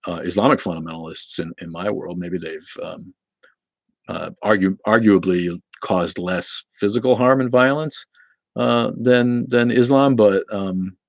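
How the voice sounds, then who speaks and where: Low-pitched male host, loose filler-heavy delivery, dry booth-like sound. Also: measured pace, vocal fry, dry recording. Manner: rambling, many fillers and restarts. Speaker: livestream host reading chat. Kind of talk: casual live-stream chat.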